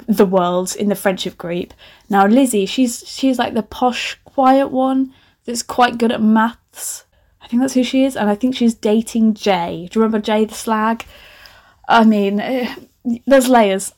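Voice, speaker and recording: A woman's voice: fairly high pitch, a little mellow. A young woman hosting a podcast, chatting sarcastically and rambling with frequent laughing asides. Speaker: podcast host. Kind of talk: casual comedic reading commentary.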